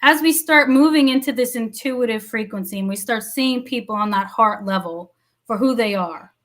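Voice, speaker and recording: Bright-voiced emphatic woman minister. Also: on the high side, moderate pace. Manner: emphatic, preachy, swears freely. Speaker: minister and show co-host. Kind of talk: casual spiritual chat.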